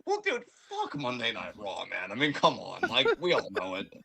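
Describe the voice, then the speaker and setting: A man co-hosting a casual wrestling review podcast, ranting with profane, animated mock outrage. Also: medium pitch, normal speed, creaky, a crowd in the background. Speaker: podcast co-host.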